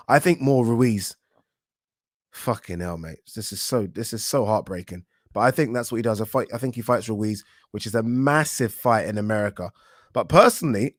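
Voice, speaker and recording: Frank, animated man chatting on a live stream. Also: mid-range voice, no echo, studio quality. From England. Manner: animated and frank, swears, reads viewer comments aloud. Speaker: boxing channel host. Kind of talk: casual live-stream chat reading comments.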